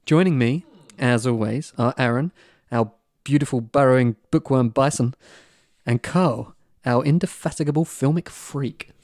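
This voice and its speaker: A man's voice: medium pitch, moderate pace, a little mellow, no room sound, clean studio sound. A man hosting a podcast, reading a playful, flowery introduction and then chatting casually. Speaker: podcast host.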